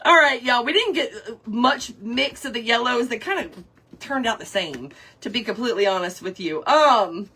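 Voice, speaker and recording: A woman's voice: fairly high pitch, lively intonation, normal speed, pushed and bright, breathy edge. A woman, hosting a craft livestream, chatting casually while she paints and greeting viewers by name.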